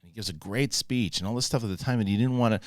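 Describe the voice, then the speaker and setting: Male TV reviewer, very low voice, dry booth sound; casual, salty recapper who rambles and acts out scenes. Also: no echo. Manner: profane, acts out scenes in quick paraphrased quotes; rambling with restarts when moved. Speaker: film and TV reviewer.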